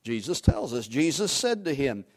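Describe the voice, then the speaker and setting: A man preaching a sermon, animated, swinging from loud emphasis to hushed asides and quizzing the congregation. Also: medium pitch, moderate pace. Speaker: pastor.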